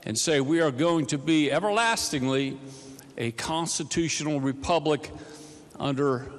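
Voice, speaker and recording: A man's voice: fairly high pitch, unhurried. Fervent man speaking in an echoey chamber. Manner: fervent, emphatic oratory. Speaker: state senator. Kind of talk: floor speech. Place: legislative chamber.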